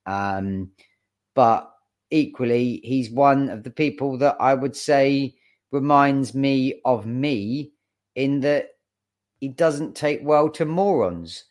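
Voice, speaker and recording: Male co-host, mid pitch, argues bluntly, swears freely. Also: takes it slowly, a little mellow. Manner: forthright, sweary, argumentative. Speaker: podcast co-host. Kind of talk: casual sports chat.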